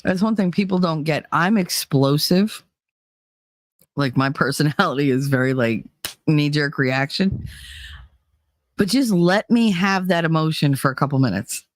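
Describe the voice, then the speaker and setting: A woman's voice: low-pitched, expressive, unhurried, pauses often, dry recording. A woman hosting a casual chat show, telling stories in a blunt, profane way and laughing often. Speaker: podcast host.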